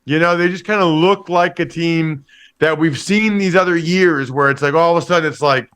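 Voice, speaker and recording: A former football player and analyst on a radio show, talking in a lively, teasing, joking way. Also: male voice, on the high side, clear, resonant tone. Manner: lively, teasing, quick to joke. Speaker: football podcast host and analyst, guest. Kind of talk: casual radio interview banter.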